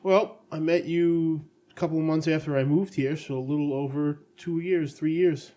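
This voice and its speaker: A man's voice: a little high, steady tone, moderate pace, warm tone. A middle-aged man co-hosting a casual podcast chat, joking around and laughing often. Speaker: podcast co-host.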